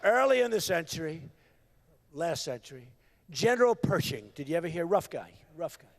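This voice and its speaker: A man in his sixties giving a campaign rally speech. He is boastful and repetitive, and he mocks his rivals with quick impressions. He swings between loud shouted lines and low asides. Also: big pitch swings, creaky. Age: 60s. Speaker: political candidate.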